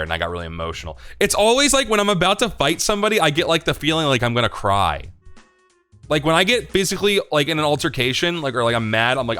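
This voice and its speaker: A young man hosting a livestream, answering chat questions in rambling, confessional casual talk, swearing freely and filling pauses with "like" and "um.". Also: mid-range voice, lively intonation, sharp tone, smooth, no echo, faint music behind.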